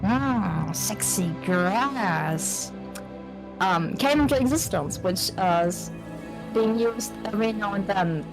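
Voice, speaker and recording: A woman chatting casually on a live stream, giggly and halting, filling her pauses with "um" and "like". Clear music plays behind her voice. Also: medium pitch, expressive, poor audio. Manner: giggly, halting, with many fillers. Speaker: guest streamer.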